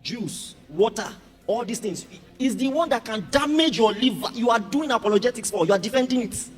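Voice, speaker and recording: A man preaching a sermon as a pastor, animated and humorous. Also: extremely high pitch, fairly quick, slightly rough. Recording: reverberant hall with music behind.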